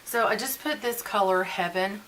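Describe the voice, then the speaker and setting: Bright-voiced woman in her forties venting. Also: mid-range voice, normal speed, a little hiss or hum, rough recording. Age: 40s. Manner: chatty, venting, conversational. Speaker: beauty vlogger. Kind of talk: casual get-ready-with-me chat.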